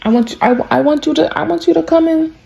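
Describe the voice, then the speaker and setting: A woman's voice: very high-pitched, fast, creaky, mellow, pitched above the performer's own voice, full character voice. A woman voicing a cocky young male hockey rival with a smug, taunting manner.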